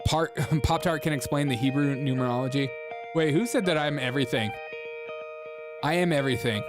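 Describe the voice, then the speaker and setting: A man's voice: on the high side, a little fast. Young guy doing a jokey political stream, laughs a lot, reads chat, music going in the background. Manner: joking, laughs often, reads chat aloud. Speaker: live stream host. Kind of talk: comedic political commentary stream. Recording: music playing behind the voice.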